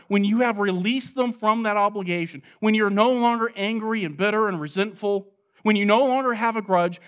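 This man's expository preaching leans on rhetorical questions that he goes on to answer. His volume moves between loud, stressed points and quiet, low asides.

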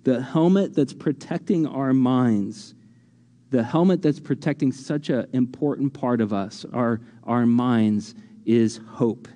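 A man's voice: slow, mellow, in a large hall. A man pastor teaching a sermon in a loose, conversational way, full of fillers and restarts, lifting his voice when he acts out imagined speakers. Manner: rises in pitch acting out imagined voices.

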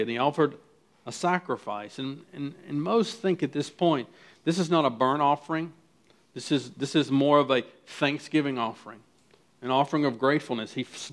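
A man preaching a sermon as pastor, earnest and building to emphatic peaks, with frequent restarts. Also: medium pitch.

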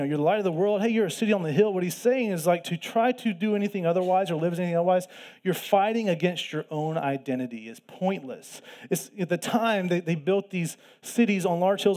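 A man's voice: high-pitched, darkish tone. Emphatic male pastor preaching conversationally. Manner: conversational teaching, emphatic, many restarts. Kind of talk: sermon.

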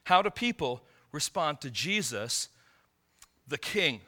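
A man's voice: a little high, big pitch swings, slow, bright, forceful tone. A man preaching a sermon, teaching through a passage with rhetorical questions and frequent restarts. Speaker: pastor.

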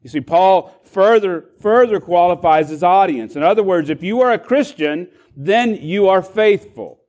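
A man's voice: high voice, lively intonation, normal speed, darkish tone, dull audio. A man preaching as a pastor, explaining a passage with frequent restarts and repeated words. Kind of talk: sermon.

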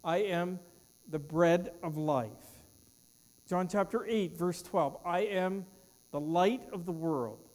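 A man's voice: high-pitched, slow, darkish tone, long reverb tail. A man preaching a sermon as pastor, with an emphatic cadence that trails off at the ends of phrases. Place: church.

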